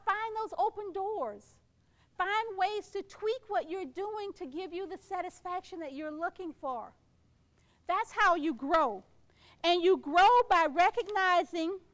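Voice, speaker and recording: A middle-aged woman delivers a motivational keynote in a strikingly high voice. She is encouraging and playful, slipping into small quoted voices to make her points. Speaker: keynote speaker.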